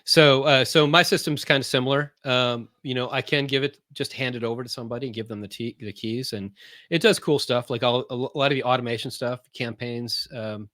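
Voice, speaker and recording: Bright, halting man on a podcast. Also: mid-range voice, steady tone, no room sound, clean studio sound. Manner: halting, many fillers and restarts; explains in plain, loose terms. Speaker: podcast guest, marketing business owner. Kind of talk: casual podcast chat.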